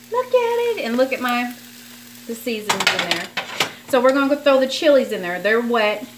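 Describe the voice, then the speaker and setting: Woman home cook vlogger, mid-pitched, casual and rambling, recorded over kitchen noise. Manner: chatty, rambling, apologetic asides. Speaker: cooking vlogger. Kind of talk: casual cooking demonstration. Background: frying and sizzling in a skillet.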